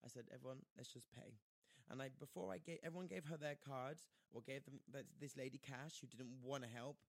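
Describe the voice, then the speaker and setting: Animated man telling a story. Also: mid-range voice, brisk, dry recording, studio quality. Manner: animated, acts out quoted voices, slangy. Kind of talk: casual storytelling chat.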